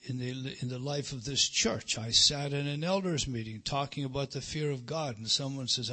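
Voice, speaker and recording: A middle-aged man preaching a sermon, emphatic, rising to loud stresses and dropping to hushed lines. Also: medium pitch, normal speed, few pauses. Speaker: pastor.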